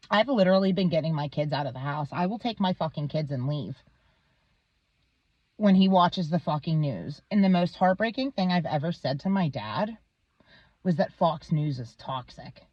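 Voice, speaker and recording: Thirties woman vlogger, slow-paced and animated, constantly cursing, dry dull sound. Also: fairly low pitch, no room sound. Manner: heated, swears constantly. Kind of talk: profane ranting monologue.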